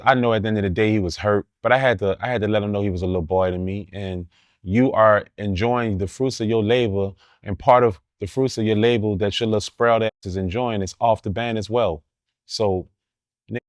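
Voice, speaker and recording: Telling blunt, lively stories punctuated by laughs, a man with a fairly low voice uses casual, profane street slang as a guest in an interview. His pace is a little fast, and the close, dry sound has no room ambience.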